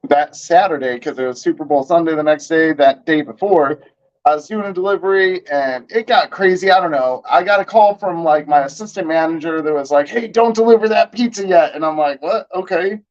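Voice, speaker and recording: Chill thirties guy rambling thru a story, kinda high voice, dull lo-fi audio. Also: fairly quick. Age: 30s. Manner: rambling, laid-back, slangy, lots of "like" and "you know". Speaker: vlogger telling a story. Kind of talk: casual storytelling.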